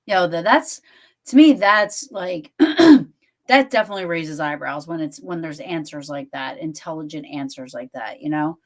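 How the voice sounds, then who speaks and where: Chatty woman host with a lowish voice. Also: animated, measured pace. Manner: chatty, filler-heavy. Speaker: podcast host. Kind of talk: casual interview chat.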